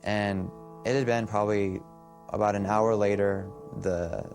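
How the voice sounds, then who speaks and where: Young man, low voice, halting, soft-spoken, documentary interview. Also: steady tone, soft background music.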